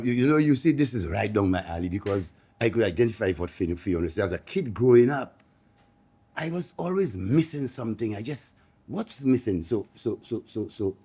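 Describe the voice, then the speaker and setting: A man, speaking up from the audience of a panel discussion, impassioned and halting, repeating words as he goes. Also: lowish voice, darkish tone, slightly rough. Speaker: live audience member.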